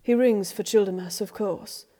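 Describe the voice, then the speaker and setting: A woman reading a story aloud, in a measured, even storybook narration. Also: medium pitch. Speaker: reader.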